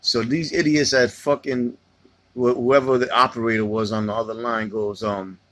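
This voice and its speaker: A man's voice: medium pitch, level tone, moderate pace, fairly bright tone, dry recording. A man hosting a casual livestream, rambling and swearing freely as he tells stories and answers chat. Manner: loose, profane, rambling storytelling. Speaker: livestream host reading chat.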